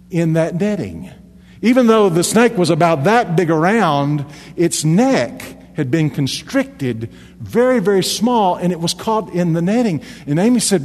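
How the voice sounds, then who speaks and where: Folksy storytelling preacher man, echoey hall. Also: high-pitched. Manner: folksy storytelling preacher, rising emphatic on scripture points. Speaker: pastor. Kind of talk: sermon with personal story.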